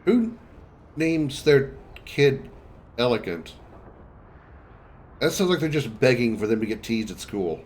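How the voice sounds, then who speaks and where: A man's voice: mid-range voice, sing-song, slow, long pauses, darkish tone, a little hiss or hum. Wry, chatty male game streamer. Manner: wry, chatty, self-deprecating. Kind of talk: casual gameplay commentary.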